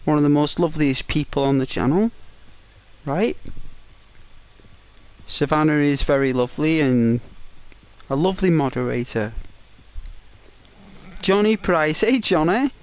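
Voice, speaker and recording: English guy streaming a game, slowish talk, bit high, chatting to his viewers and cheering them on. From England. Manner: chatty, encouraging, addresses chat by name. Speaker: gaming livestreamer. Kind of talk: casual chat reading viewer comments.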